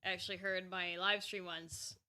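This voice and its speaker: A woman streamer talks casually while she draws, in a chatty, playful, rambling way. Her voice is bright and forward. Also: fairly low pitch, level tone, normal speed. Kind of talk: casual chat while drawing.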